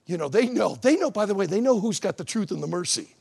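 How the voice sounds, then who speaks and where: A pastor preaches in a high, animated voice that swings widely in pitch. He talks in a folksy, conversational way and breaks off into asides. His voice carries a gravelly texture. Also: fast. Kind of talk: sermon.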